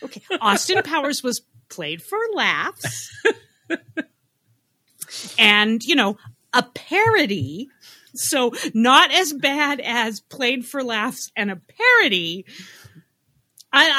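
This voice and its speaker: A woman co-hosting a TV review podcast, animated and teasing, often breaking into laughter. Her voice sits a little high and rings bright and clear. The sound is dry and close, with no room around it. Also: slow, no echo. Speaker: podcast co-host. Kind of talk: casual chat reviewing TV.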